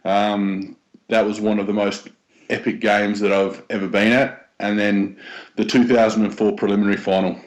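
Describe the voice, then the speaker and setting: An Australian man, a podcast guest in casual sports chat, speaking enthusiastically but haltingly with many filler pauses. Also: fairly low pitch, little pitch movement, muffled recording.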